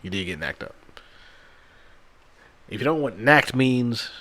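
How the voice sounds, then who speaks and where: Casting: male podcast co-host, bright and forceful tone, slangy and profane, jumps in often. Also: medium pitch, lively intonation. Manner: slangy, profane, quick interjections. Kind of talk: casual chat recapping a film.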